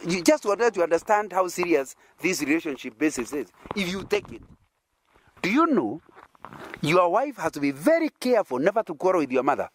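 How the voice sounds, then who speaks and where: A Kenyan-accented man teaching a sermon in a fairly high voice. His pitch swings widely as he talks. He keeps throwing rhetorical questions at the congregation and chuckling between points. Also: slight background noise. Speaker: preacher.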